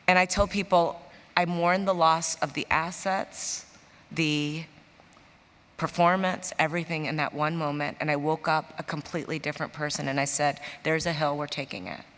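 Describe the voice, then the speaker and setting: Chicago woman on stage telling stories, kinda low voice, big hall echo, acts out what people said. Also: moderate pace. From Chicago, USA. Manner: animated storyteller, acts out quoted voices. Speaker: interview guest, business executive. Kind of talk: storytelling in a stage interview. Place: large conference hall on stage. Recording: reverberant conference hall.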